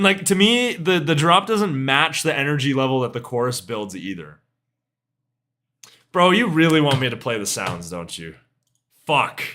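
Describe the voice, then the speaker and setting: Animated young man chatting on stream. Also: medium pitch. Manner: laid-back, swears casually, trails off with "I don't know, dude". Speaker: streamer reviewing music. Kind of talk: casual live-stream reaction chat.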